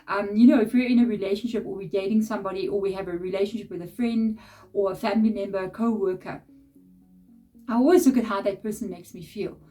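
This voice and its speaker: A woman's voice: medium pitch, steady tone, fast talker. A woman giving a casual, chatty tarot reading straight to her viewers, blunt and direct with frequent laughs. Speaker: tarot reader. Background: soft background music.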